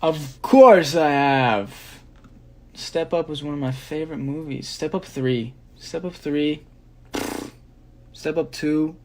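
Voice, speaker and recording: Young man, unhurried delivery, casual livestream chat, rambling, phone mic. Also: fairly high pitch, steady tone, darkish tone. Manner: rambling, chatty, with frequent ums. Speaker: dancer answering fan questions on a livestream.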